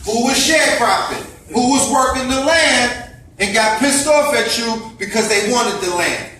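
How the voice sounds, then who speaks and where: A man's voice: very high-pitched, a little slow, pushed and bright, a little hiss or hum. A man giving an impassioned lecture to a gathering, preachy and fiery, firing off rhetorical questions. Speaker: speaker addressing a gathering. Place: indoor event space. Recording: echoey room, voice far from mic.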